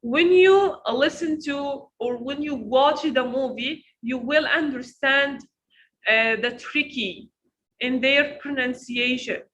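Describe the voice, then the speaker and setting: A woman teaching pronunciation in an online lesson, repeating each word slowly to drill it. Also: high-pitched, a bit bright, a little hiss or hum, low-quality recording. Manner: slow, repeats words to drill them.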